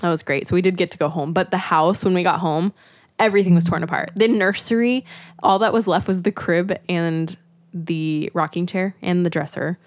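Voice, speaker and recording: A young woman chats casually, reliving a tense memory in quick bursts and acting out her own past thoughts. Her "like"-filled delivery sounds close and dry, with no room echo. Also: lowish voice. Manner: animated storytelling with quoted inner thoughts; says "like" often, laughs between lines. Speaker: podcast guest. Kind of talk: casual chat.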